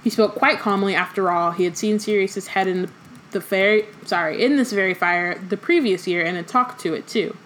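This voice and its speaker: A woman's voice: mid-range voice, normal speed, a bit bright, a little hiss or hum, low-quality recording. Woman co-host reading a novel aloud. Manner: blunt, swears casually. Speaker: podcast co-host.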